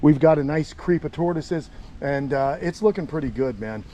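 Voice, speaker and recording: A middle-aged man from Long Island hosting a casual vlog outdoors by a tortoise enclosure, rambling and excitable with lots of fillers. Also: a little high, normal speed, slight background noise. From Long Island, New York. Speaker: host, tortoise keeper.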